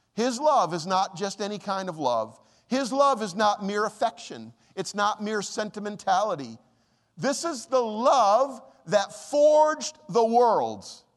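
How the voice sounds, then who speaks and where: A man's voice: high-pitched, a bit bright, long reverb tail. A man preaching a sermon with passion, his voice rising and dropping sharply when he speaks for God. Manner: impassioned preaching, dramatic rises and drops when quoting God. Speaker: pastor.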